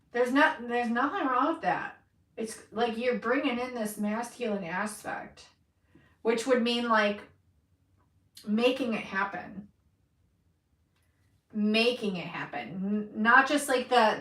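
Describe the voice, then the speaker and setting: A woman's voice: on the high side, fairly bright tone, reverberant, far from the mic. A woman giving an intuitive reading to a viewer, emphatic and encouraging, swearing freely for emphasis. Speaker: tarot reader.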